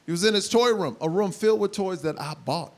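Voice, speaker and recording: A man in his forties performing stand-up on stage in front of a live audience, telling stories animatedly and bursting into loud impressions. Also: sits high, fairly quick. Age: 40s. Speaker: stand-up comedian. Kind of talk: stand-up comedy.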